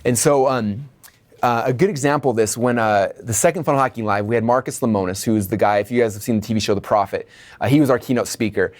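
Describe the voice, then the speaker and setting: Fast-talking energetic male business coach. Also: medium pitch. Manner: energetic, checks in with "okay?" and "right?"; acts out quoted dialogue in his stories. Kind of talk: training lesson.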